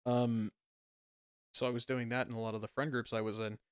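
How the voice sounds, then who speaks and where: A man's voice: mid-range voice, brisk, clear, resonant tone, no room sound, studio quality. A man, a podcast co-host, telling stories in casual chat and laughing often. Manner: animated storytelling, laughs often.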